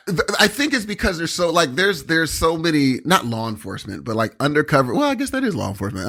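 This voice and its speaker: A young man co-hosting a podcast in casual chat. He tells stories in a rambling way, full of fillers, and his pitch swings widely as he slips into quoted voices. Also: a bit bright. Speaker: podcast co-host.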